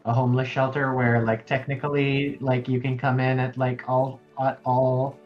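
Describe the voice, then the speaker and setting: A man's voice: medium pitch, little pitch movement, normal speed, highs cut off, faint music behind. A man playing a tabletop game, talking reasonably and a bit rambling. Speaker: player.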